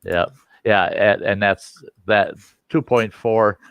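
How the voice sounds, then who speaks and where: A man hosts a relaxed livestream chat, walking through technical details in a loose, rambling way. His voice sits very low and moves slowly. The sound is close and dry, with no room around it. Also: vocal fry, clear, resonant tone, no echo, muffled recording. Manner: rambling, explains tech step by step. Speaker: livestream host. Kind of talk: casual chat.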